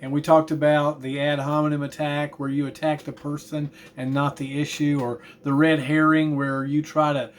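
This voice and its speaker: A man teaching a class, talking in a tired, chatty way with asides about yawning. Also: a little high. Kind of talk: classroom lecture.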